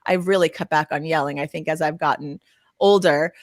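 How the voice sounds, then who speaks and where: A woman's voice: sits low, a little fast, dry recording, studio quality. A middle-aged woman co-hosting a casual podcast, telling stories animatedly and laughing at herself. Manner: animated storyteller who acts out her own yelling. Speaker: podcast co-host. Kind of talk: casual chat.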